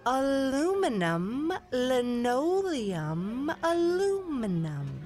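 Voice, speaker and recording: Casting: actress as a showy, bossy music teacher, high and swooping, slow and deliberate. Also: female voice, sing-song, pushed and bright, exaggerated voice. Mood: theatrical. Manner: grandiose, sing-song, bossy. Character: prim, theatrical female school music teacher. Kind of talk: audio drama acting.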